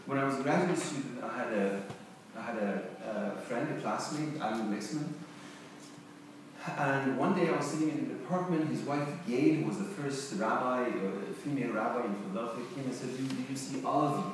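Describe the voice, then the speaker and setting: A middle-aged man from Iran with a Persian accent, giving an emphatic academic conference talk, often pausing on "uh". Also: medium pitch. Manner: emphatic, hesitant with frequent uh fillers. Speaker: conference panelist. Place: large conference hall. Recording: echoey hall, distant mic, faint noise.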